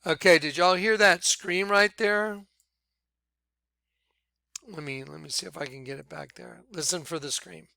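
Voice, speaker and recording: A man leading a ministry, talking viewers through images on his screen in an excitable, repetitive way. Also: a little high, measured pace, gravelly, pauses often, a little hiss or hum. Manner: excitable, repeats himself, points things out to viewers. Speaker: ministry leader presenting on screen. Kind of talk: screen-share commentary.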